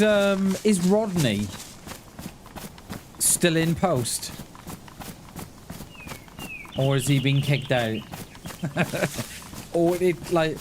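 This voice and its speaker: A man's voice: medium pitch, background noise. A man chatting casually while live-streaming a survival game, thinking aloud with lots of restarts and little chuckles.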